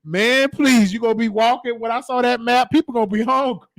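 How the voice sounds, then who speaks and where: A man hosting a casual live-stream chat, animated and joking with frequent laughter, his voice worn from talking. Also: very high voice, brisk, no room sound, clean studio sound. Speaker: show host.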